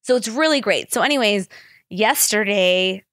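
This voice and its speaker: A woman's voice: mid-range voice, lively intonation, moderate pace, fairly bright tone, dry recording, studio quality. A woman hosting a podcast in a casual, rambling chat, often breaking into laughter. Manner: rambling, chatty, laughs easily. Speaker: podcast host.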